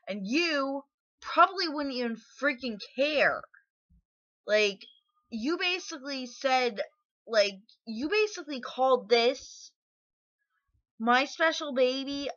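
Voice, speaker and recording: Woman, angry emotional vlog rant, near tears, lots of fillers, slow-paced, muffled lo-fi audio. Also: sits high, a bit bright. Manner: angry, indignant, filler-heavy ("like", "you know"). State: shaking with anger, near tears. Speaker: vlogger. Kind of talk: emotional personal rant to camera.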